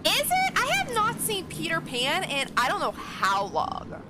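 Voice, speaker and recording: Chatty lady streamer, kinda high voice, bouncy, reads game lines out. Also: sing-song, unhurried, very noisy. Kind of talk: casual gameplay commentary.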